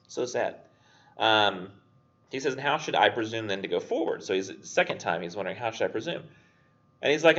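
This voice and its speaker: A man's voice: fairly low pitch, lively intonation, brisk, fairly bright tone, highs cut off. A young man teaching a literature class in a casual, chatty way, full of fillers and acted-out quotes. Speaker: English instructor. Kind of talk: casual recorded literature lecture.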